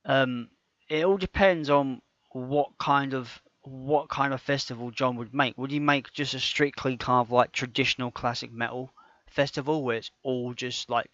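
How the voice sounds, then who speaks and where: A man with a medium-pitched, a bit bright voice co-hosts a podcast, talking casually and excitedly and rambling with many stumbling restarts. No room sound is present in the dull, dry lo-fi recording.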